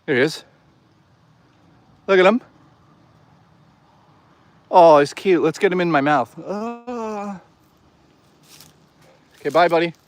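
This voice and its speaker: A man talking casually to his live chat while walking outdoors in the woods, excitable, joking and swearing a lot. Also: high voice, slow pace, pauses often. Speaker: live streamer. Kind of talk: casual live-stream chatter.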